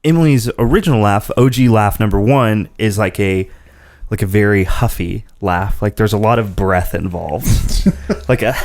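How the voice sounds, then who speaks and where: Man, podcast host, rambling, laughs a lot, lowish voice, dry sound. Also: normal speed, a little mellow, no room sound. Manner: rambling storyteller, laughs often. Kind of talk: casual chat.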